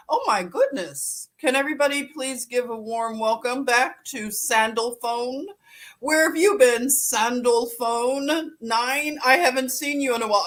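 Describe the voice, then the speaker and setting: A woman's voice: fairly high pitch, fairly bright tone. A woman hosting a live stream, chatting casually and greeting viewers by name with easy laughs.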